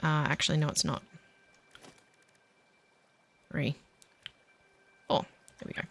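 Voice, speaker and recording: A woman's voice: low voice, level tone, slow, creaky, fairly bright tone, a little hiss or hum. A woman chatting casually with her viewers while she plays, self-deprecating and easily sidetracked. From Australia. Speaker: game streamer. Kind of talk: casual chat while gaming.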